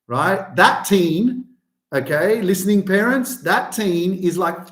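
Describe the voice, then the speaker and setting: A man in his thirties, a motivational coach, talking casually with lots of swearing, going from quiet storytelling to loud emphatic bursts. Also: sits high, a little slow, echoey room. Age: 30s. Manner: profane, emphatic, swings between soft and loud. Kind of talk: casual monologue.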